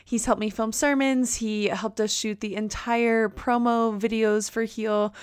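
A woman hosting a podcast, with a smooth, clear voice recorded close and dry. She introduces episodes and responds to guests with short, affirming words. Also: on the high side, steady tone, a little slow, no echo. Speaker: podcast host.

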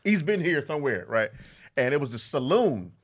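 A man's voice: mid-range voice, sing-song, moderate pace. A man telling a story in casual podcast chat, swearing freely and laughing through his punchlines. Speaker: podcast co-host.

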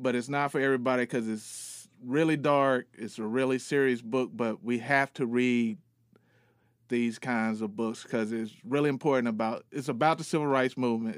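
A man with a New York accent talks through a book pick in a casual podcast segment. His voice is smooth and resonant, close and dry, his tone earnest and loose with fillers. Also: medium pitch, no echo. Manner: relaxed, earnest, with many fillers. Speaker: podcast co-host giving book recommendations.

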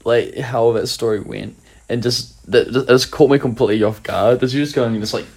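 A man's voice: mid-range voice, fairly even intonation, normal speed, a little mellow, husky. A young man co-hosting a podcast, rambling through stories in casual chat, swearing and laughing often. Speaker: podcast co-host.

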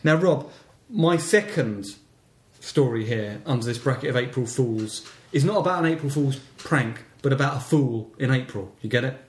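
A man's voice: medium pitch, animated, moderate pace. Male co-host, dry and punny, reading odd local news in an echoey room. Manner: wry, reads stories aloud with puns. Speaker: podcast co-host. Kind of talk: casual comedic chat reading local news.

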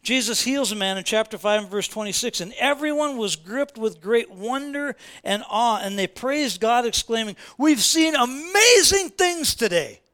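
Man, sermon, high voice, animated storytelling, casual slang, acts out quotes. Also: moderate pace, few pauses. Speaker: pastor.

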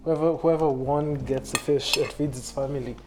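A man's voice: mid-range voice, steady tone, moderate pace. Guy laughing through his family stories, keeps restarting, music faint behind. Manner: laughs often, storytelling with playful exaggeration; repeats words and restarts a lot. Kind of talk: casual chat.

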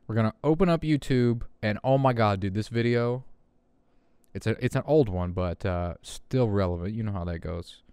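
Young male podcast host: cussing, animated ranter with a smooth, dry close voice. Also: on the low side, normal speed, no echo. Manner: profane, animated ranting. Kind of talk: casual podcast rant.

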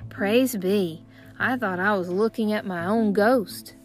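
A boastful, old-fashioned boy, put on by a woman reading an audiobook. He talks loud and scornful with quaint sayings, bossing his friend around. Faint music plays underneath. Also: medium pitch, slow, lightly acted. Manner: scornful, old-timey turns of phrase. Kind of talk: audiobook narration.

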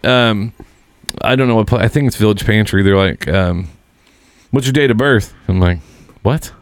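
A man's voice: lowish voice, moderate pace, no echo. A man in his forties telling stories in a casual chat, acting out dialogue and swearing freely. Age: 40s.

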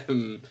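A man narrating as game master of a tabletop game, rambling and self-deprecating, with lots of fillers. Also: fairly bright tone.

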